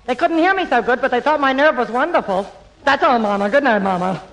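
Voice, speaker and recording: Brief: woman playing a quick, eager male showman, high voice. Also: animated, a bit bright, low-quality recording. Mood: fond. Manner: eager, rapid patter. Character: fast-talking male showman phoning his mother. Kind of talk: 1940s radio comedy impression.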